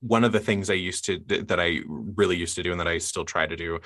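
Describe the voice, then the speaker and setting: A woman's voice: rumbling low, fast, a bit bright. A woman hosting a casual book podcast, chatty and upbeat as she leads questions and sign-offs. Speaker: podcast host.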